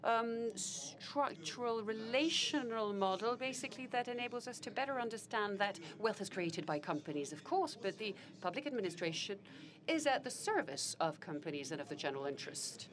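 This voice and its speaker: A woman giving live spoken interpretation of a panel conversation, formal and measured, often pausing on fillers and correcting herself mid-phrase. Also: a little high, lively intonation, crowd noise. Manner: halting, with fillers and self-corrections.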